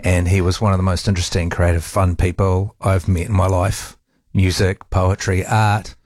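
Man in his 40s, radio talk host, deep voice, halting heartfelt tribute, dry close mic. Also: level tone, a little mellow, no echo. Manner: halting, with restarts and pauses.

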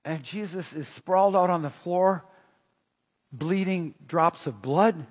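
A man preaching a sermon in an animated way, full of rhetorical questions, in a dull, echoey hall recording. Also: high voice, slow, husky. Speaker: pastor.

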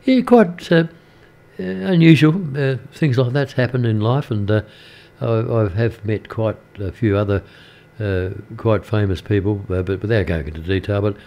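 An older Australian man presenting community radio, telling a story in a rambling, halting way with many fillers. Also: on the low side, darkish tone. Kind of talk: casual radio chat between songs. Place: radio studio.

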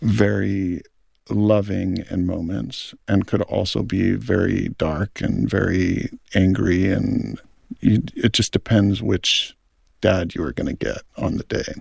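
A man's voice: low-pitched, steady tone, takes it slowly, gravelly, a little mellow, husky, no room sound, studio quality. A middle-aged man, a film director, speaking in an earnest, thoughtful interview. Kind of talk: reflective interview talk.

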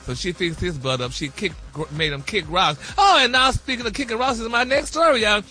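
A man's voice: high voice, brisk, sharp tone. A man hosting celebrity gossip in a flamboyant, sassy chatting style. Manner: flamboyant, peppers talk with honey and y'all.

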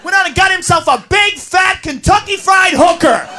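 A man doing a profane stand-up rant, often shouting. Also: very high-pitched, normal speed. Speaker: stand-up comedian. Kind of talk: stand-up routine. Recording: live club with crowd noise.

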